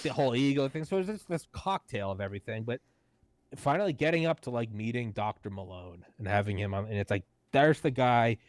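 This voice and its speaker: A man's voice: mid-range voice, no echo. A man in his thirties, a podcast host, telling a story in casual conversation, swearing freely and acting out the people he quotes. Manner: animated, profane, acts out quoted people; frequent "like" fillers and restarts.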